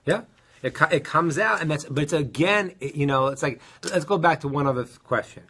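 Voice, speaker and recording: A middle-aged man teaching a casual Torah class, telling stories with many restarts and animated asides. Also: a little high, brisk.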